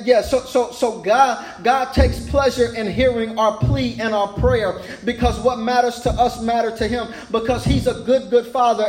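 A man's voice: very high-pitched, darkish tone, echoey room, poor audio. A man preaching a sermon as pastor, repeating words in a rising, stammering preaching cadence.

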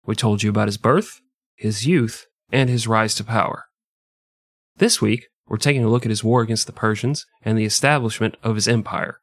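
A man's voice: on the low side, normal speed, dry recording, clean studio sound. A man co-hosting a casual comedic podcast, joking around and slipping into mock voices. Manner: jokey, slips into mock voices. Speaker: podcast co-host.

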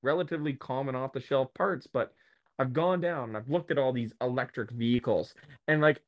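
A man talks as a guest in a loose, casual conversation. He rants with animated energy and slips into the voices of the people he quotes, with a voice of middling pitch. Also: a little fast, lo-fi sound. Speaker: guest, electric motor repair specialist.

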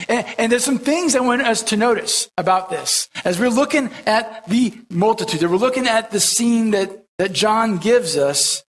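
A man's voice: high voice, a bit bright. A male pastor preaching a conversational sermon, often repeating and restarting his words.

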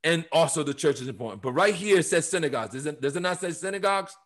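On a podcast, a man with a fairly high, expressive voice teaches the Bible at a quick clip, reading scripture aloud in an emphatic, preachy style that sometimes breaks into shouts.

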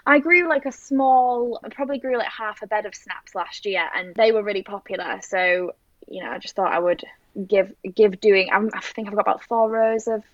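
A woman's voice: medium pitch, moderate pace, dry recording, highs cut off. A woman talking casually about her flower farm, chatty and full of fillers and restarts. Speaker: guest flower farmer. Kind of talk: casual podcast chat.

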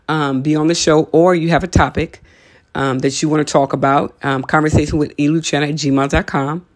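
A podcast host giving a motivational talk, urging listeners on with emphatic, repeated lines and the odd joking aside. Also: male voice, on the high side. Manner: emphatic, repetitive exhortations.

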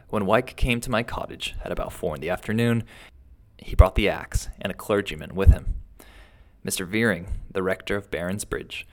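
A man reading a first-person ghost tale aloud in a steady, dramatic storytelling manner. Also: deep voice, moderate pace. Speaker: narrator.

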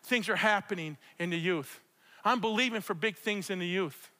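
A man preaching a conversational sermon and leading spoken prayer, in an animated way that repeats itself and speaks straight to the congregation. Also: high voice, normal speed. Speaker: pastor. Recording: long hall reverb.

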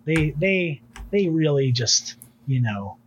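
A man's voice: a little high, expressive, slow pace, muffled recording, slight background noise. A man co-hosting a podcast, chatting casually about music in a rambling, jokey way with many restarts. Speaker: podcast co-host.

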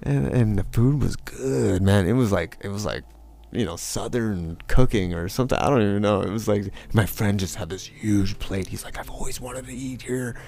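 Gravelly low-voiced man telling road stories. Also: normal speed, dark tone. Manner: profane, rambling, with lots of fillers; acts out quotes in a raised, mocking voice. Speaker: storyteller. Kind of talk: casual personal storytelling.

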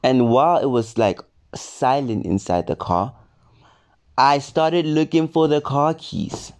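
On his vlog, a young man casually recounts something that happened to him, cursing and acting out the people involved. His voice sits at a medium pitch, and he takes his time.

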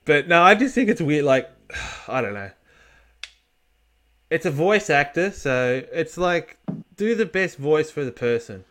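A man's voice: fairly high pitch, big pitch swings, unhurried, a bit bright. An Australian man co-hosting a podcast, rambling bluntly in casual chat and swearing now and then. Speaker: podcast co-host.

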